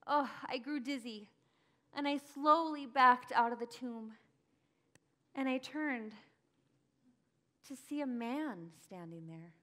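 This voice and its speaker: A woman acting a grieving early follower in a first-person dramatic monologue, telling it breathlessly and crying out in high bursts. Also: takes it slowly, long pauses, sharp tone, heavily acted. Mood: wondering. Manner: emotional, breathless storytelling, cries out in high bursts. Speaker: church dramatic monologue performer.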